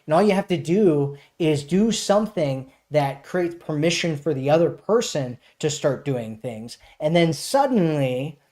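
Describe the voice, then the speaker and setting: A man's voice: fairly high pitch, lively intonation, unhurried, hardly any pauses, a little mellow. A man hosting a casual live stream as a dating coach, answering chat questions in a loose, filler-heavy way and often tagging on "right?".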